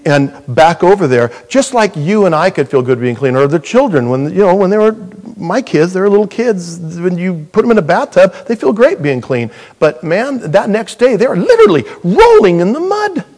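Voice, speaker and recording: A middle-aged man preaching a sermon as pastor, animated and jokey, with sudden loud high bursts. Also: moderate pace, few pauses.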